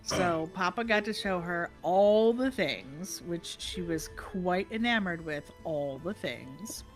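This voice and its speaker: An older woman hosting a livestream, telling a family story in animated casual chat and laughing often. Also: on the low side, takes it slowly, soft background music. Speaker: livestream host.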